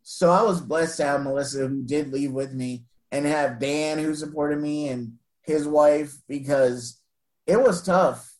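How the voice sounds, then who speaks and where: A man's voice: on the high side, poor audio. Earnest man telling a painful story. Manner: earnest, halting, with frequent restarts and soft laughs; retells exchanges by voicing both sides. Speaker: interviewee telling a personal story. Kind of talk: emotional first-person storytelling.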